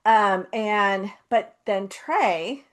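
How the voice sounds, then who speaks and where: Woman co-host, middle pitch, pauses a lot and says um while she thinks. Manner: thoughtful, with frequent pauses and fillers. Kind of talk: casual chat.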